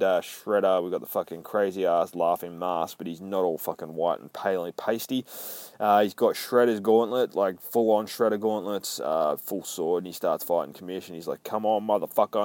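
A man's voice: fairly low pitch, darkish tone, no room sound. A man recapping a comic book in casual chat, swearing constantly and acting out the characters' lines.

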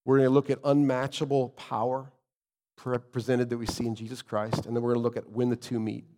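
A man's voice: medium pitch, level tone, fairly quick, mellow, big-room sound. A man preaching a sermon as pastor, reading scripture aloud and praying in an earnest, emphatic way.

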